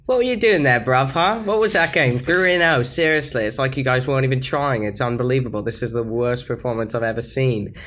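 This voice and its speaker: A man's voice: medium pitch, fairly quick, few pauses, fairly bright tone, lightly acted. A teenage man putting on a British accent to play a rude, demeaning male online gamer who mocks his opponents. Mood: scornful. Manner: demeaning, stern, mocking.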